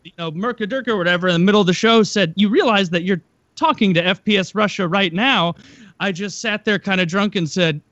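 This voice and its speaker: High-voiced man telling loose stories. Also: a little fast, fairly bright tone, no room sound, highs cut off. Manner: loose storytelling with crude jokes. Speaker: podcast co-host. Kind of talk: casual chat.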